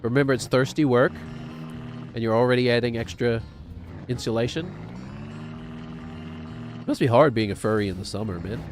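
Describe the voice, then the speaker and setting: A man's voice: medium pitch, moderate pace, long pauses, over music. A man streaming a video game, rambling and joking offhandedly as he plays. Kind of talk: gaming stream commentary.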